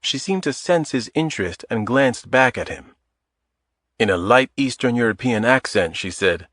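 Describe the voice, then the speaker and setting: A man narrating a thriller audiobook in a measured, dramatic storytelling manner. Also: medium pitch, expressive, fairly bright tone, dry recording. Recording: dry close studio sound.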